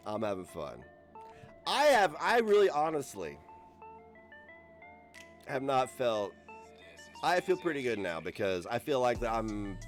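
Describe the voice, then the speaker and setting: Profane ranting man on a stream. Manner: profane, combative, mocking, with bursts of high laughter. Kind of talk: angry live-stream rant.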